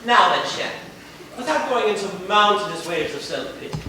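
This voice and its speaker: Guy doing a showy vain playwright, high sing-song voice, far off in an echoey noisy theater. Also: animated, normal speed. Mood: grandiose. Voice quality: grandiose and theatrical. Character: flamboyant, vain male celebrity playwright. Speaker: stage actor. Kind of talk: live stage play. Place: theater stage.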